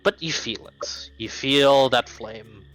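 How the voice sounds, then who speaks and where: A man's voice: medium pitch, takes it slowly, a bit bright, faint music behind, poor audio. A man narrating as game master of a tabletop game, rambling with many ums and restarts.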